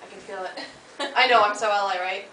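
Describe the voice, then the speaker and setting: A woman's voice: medium pitch, moderate pace, bright, forceful tone, a little hiss or hum. An American woman performing a stand-up comedy set, chatty and playful, teasing the crowd and putting on silly voices. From United States. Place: comedy club stage. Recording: echoey club, mic heard from a distance. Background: audience laughter.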